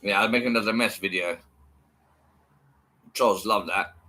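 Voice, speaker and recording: Sweary man with a bright voice. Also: fairly low pitch, a little slow. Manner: mocking, sweary, animated. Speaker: vlogger reacting to a clip. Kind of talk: profane rambling commentary.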